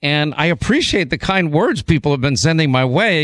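A man hosting a radio talk show, chatting casually with a hoarse voice, repeating words and rushing through stretches. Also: a little high, animated, fairly bright tone, dry recording. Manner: rambling, repeats words, talks fast in bursts. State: hoarse, recovering from laryngitis. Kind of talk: casual on-air chat. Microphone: studio broadcast mic.

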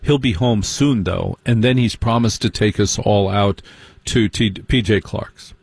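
A man telling a personal story as stand-up comedy, wry and mocking, slipping into quick impressions of other people. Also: on the low side, vocal fry, darkish tone, slightly rough, no echo, clean studio sound.

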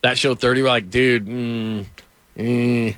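A man's voice: mid-range voice, level tone, takes it slowly, a bit bright, no room sound. Sports radio guy rambling through a story, lots of "like", dry close mic. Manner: rambling anecdotes full of fillers.

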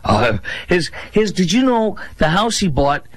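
A man sitting in as a talk radio host delivers mocking, sarcastic political commentary, exaggerating his pitch swings. He's very animated yet unhurried, and the recording is rough.

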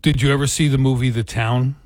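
A man's voice: medium pitch, steady tone, brisk, no echo. A man hosting a radio talk show, joking back and forth with his co-host. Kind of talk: casual radio chat. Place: radio studio.

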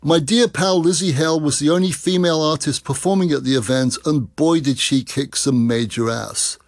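A man's voice: on the high side, normal speed, no echo, studio quality. Enthusiastic man hosting a rock radio show. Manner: enthusiastic, chatty, jokey. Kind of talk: radio show patter between songs.

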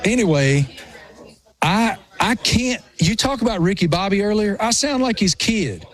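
A man with a rural Appalachian accent, chatting as a sports radio co-host in an animated, self-mocking way. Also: sits high, a little slow. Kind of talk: casual chat.

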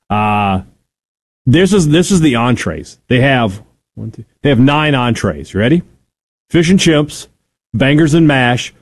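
A man co-hosting a sports talk radio show, joking and playful in casual banter. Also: mid-range voice.

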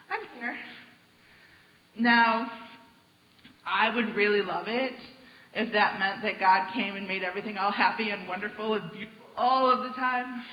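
A woman pastor giving a sermon in a lively, conversational way. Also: fairly high pitch. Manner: animated, conversational preaching with acted quotes. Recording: echoey hall, dull sound.

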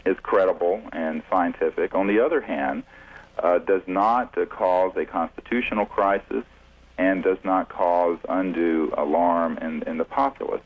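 A man being interviewed on the radio as a UFO researcher, talking deliberately with many fillers and restarts. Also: low voice. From United States. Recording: tinny phone line.

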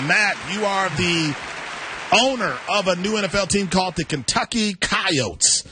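A man's voice: high voice, expressive, a little slow, a crowd in the background, noisy background. A man hosting a sports talk show, running a playful trade game with his co-host. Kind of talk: radio sports chat game segment.

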